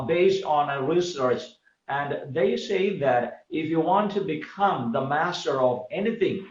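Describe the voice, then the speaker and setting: Man guest, earnest explainer, dull, muffled lo-fi audio. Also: on the high side. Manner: earnest, explanatory, fluent with fillers. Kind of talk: casual conversation. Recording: dull, echoey room sound.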